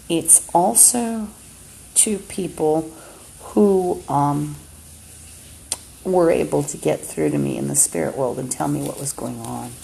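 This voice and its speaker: Gravelly woman rambling on a livestream. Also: sits low, dark tone. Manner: agitated, rambling, swears often. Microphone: phone. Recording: roomy echo, faint background hum.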